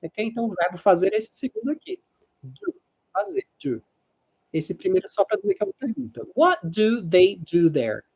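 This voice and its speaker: A woman teaching a live online English lesson, patiently repeating words slowly for pronunciation. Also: lowish voice, big pitch swings, darkish tone, breathy edge, dry recording, low-quality recording.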